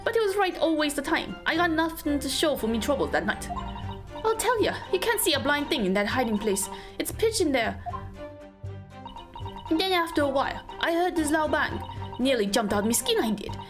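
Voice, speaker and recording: A woman's voice: sits high, sing-song, normal speed, pitched above the performer's own voice. A woman voicing a proud young female street urchin and pickpocket in a game, reading the dialogue aloud with brash, slangy talk. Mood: lively. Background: game music.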